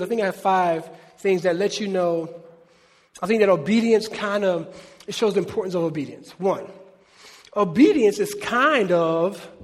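A man preaching a sermon in a lively, conversational way, often asking the congregation questions. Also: sits high. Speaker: pastor. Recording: long reverb of a large hall.

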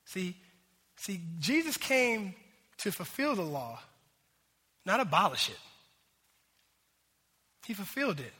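A man preaching a sermon in an animated, conversational way, talking straight to the congregation. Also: sits high, slow pace, long pauses, slightly rough. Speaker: pastor. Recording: long hall reverb.

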